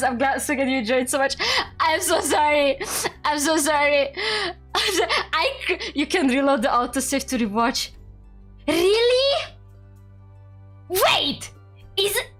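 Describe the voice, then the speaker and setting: A woman streamer reacting live to a game, excitable, squealing and screaming with delight. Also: sits high. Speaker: VTuber streamer.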